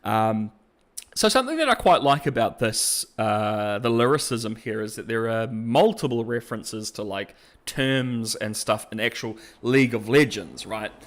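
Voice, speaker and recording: A man hosting a video, giving casual reaction commentary in an animated, incredulous and jokey way. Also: on the low side, unhurried. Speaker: video essay host.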